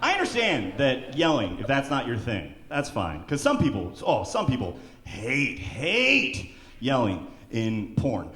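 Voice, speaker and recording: A man performing a stand-up comedy set on a club stage who breaks into loud, shouted character voices. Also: mid-range voice, huge pitch swings, a little slow. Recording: echoey club with loud crowd. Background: audience laughter.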